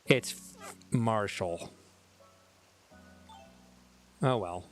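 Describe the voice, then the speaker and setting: A man's voice: lowish voice, slow, fairly bright tone, soft background music. A man with a Chicago accent, a bit tipsy from whiskey, rambling casually and poking fun at himself as he chats with viewers during a livestream. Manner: rambling, self-mocking, talks to chat. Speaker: streamer. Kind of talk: casual game livestream chat.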